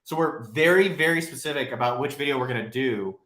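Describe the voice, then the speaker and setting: A man's voice: mid-range voice, fairly quick, sharp tone. A man hosting a casual live Q&A stream, talking in a blunt, profane, rambling way. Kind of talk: casual livestream Q&A. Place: home office, livestreaming. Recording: roomy echo.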